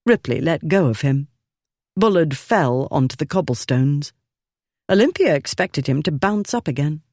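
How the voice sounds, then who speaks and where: A narrator reading a historical romance novel in a measured storytelling manner. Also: medium pitch, expressive, darkish tone, no room sound, clean studio sound. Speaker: audiobook narrator.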